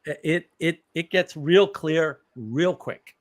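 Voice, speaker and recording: A man's voice: a little high, slow pace. A man hosting a live stream, rambling through personal stories in casual chat with blunt remarks and casual swearing.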